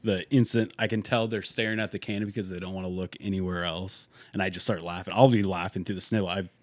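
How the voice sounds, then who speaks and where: A young man who works as a tandem skydiving instructor, chatting casually in a relaxed, halting way and laughing easily. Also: deep voice, no room sound. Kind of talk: casual podcast chat.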